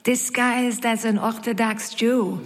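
A woman voicing a shy, gently wry young male rabbi in a storybook reading, soft-spoken and hesitant. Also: mid-range voice, takes it slowly, in a large hall, background noise.

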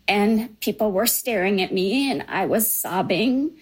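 A middle-aged woman slowly recounting a personal memory, halting and emotional. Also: medium pitch, slightly rough, low-quality recording. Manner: slow, halting, emotional recollection. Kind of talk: personal storytelling.

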